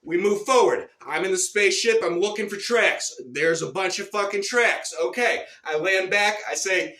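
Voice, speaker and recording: High, bright-voiced man telling a rambling tall tale. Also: moderate pace, echoey room, distant mic. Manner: rambling, profane, boastful. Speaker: comedic storyteller. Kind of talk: absurd deadpan monologue.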